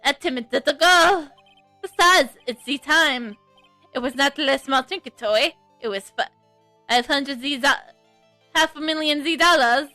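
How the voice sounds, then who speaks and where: A woman's voice: high voice, a little slow, pushed and bright, dry recording, soft background music. A woman voicing a flamboyant, self-pitying male chef with fake French-tinged phrasing, reading a game aloud. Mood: coy.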